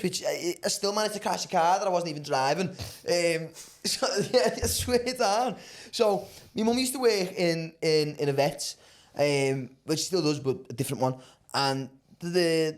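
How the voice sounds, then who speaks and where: A man with a slightly raised voice tells a rambling story in casual podcast chat. He laughs his way through the funny bits and circles back on his words. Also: on the high side.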